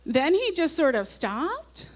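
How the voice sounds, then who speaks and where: A woman's voice: sits high, big pitch swings, takes it slowly. A woman in her forties on a nightclub stage, reading her teenage diary aloud into a microphone, with wry asides and passages read with mounting gusto. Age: 40s. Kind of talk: live comic diary reading. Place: stage at a nightclub before an audience.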